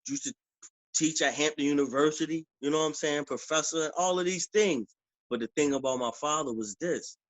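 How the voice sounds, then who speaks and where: A man's voice: fairly high pitch, brisk, no echo, rough recording. Slangy, laid-back man talking. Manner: relaxed slangy talk, frequent "you know what I'm saying". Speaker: author and preacher. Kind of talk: casual conversational interview.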